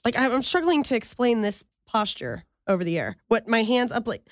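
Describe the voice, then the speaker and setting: A woman's voice: fairly high pitch, very animated, brisk, no echo, studio quality. A woman co-hosting a podcast, chatting casually and laughing often. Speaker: podcast co-host. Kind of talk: casual chat.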